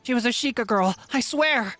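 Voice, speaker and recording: An excitable little village kid, as a male streamer puts on, high and squeaky and full of giggles. The voice leaps way above his own, bouncing eagerly through each game line. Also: normal speed, dry recording, faint music behind. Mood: insistent.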